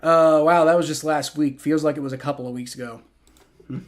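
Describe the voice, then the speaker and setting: Male streamer, high voice, rowdy live play-by-play reactor who talks to chat. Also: fairly quick. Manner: excitable, swears and shouts at bad plays, chats with viewers. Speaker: livestream host.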